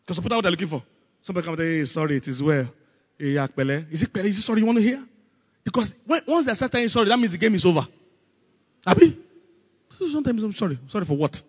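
A man preaching a sermon, animated and calling out questions for the congregation to answer. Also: high voice, rapid-fire, pauses often, husky, long reverb tail. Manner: animated, call-and-response with congregation, acts out Bible scenes.

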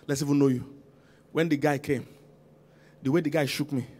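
A man preaching as senior pastor in a church, swinging from loud calls to quiet emphasis and asking the congregation to respond. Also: mid-range voice, steady tone, moderate pace. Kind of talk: sermon.

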